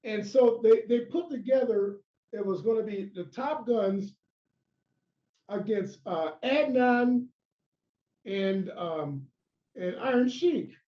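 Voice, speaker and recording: A man's voice: high voice, slow pace, long pauses, dark tone. A man, a former wrestler, telling stories in a casual interview, rambling and restarting as he acts out old conversations. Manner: rambling, full of restarts and acted-out quotes. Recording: roomy, dull lo-fi sound.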